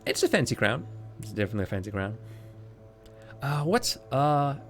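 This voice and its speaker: A man's voice: mid-range voice, very animated, normal speed, faint music behind. A man streaming a game live, chatting casually, laughing often and poking fun at himself. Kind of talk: casual live gameplay commentary.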